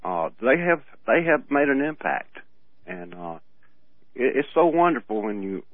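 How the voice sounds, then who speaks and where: A man co-hosting a radio show in casual chat, telling rambling stories with halting restarts and frequent laughs. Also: mid-range voice, sing-song, no echo. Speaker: radio co-host. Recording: tinny phone-like radio audio.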